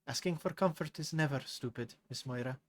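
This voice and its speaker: A man voicing a reserved, politely formal woman who speaks softly. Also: medium pitch, fairly quick, lightly acted. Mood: gentle.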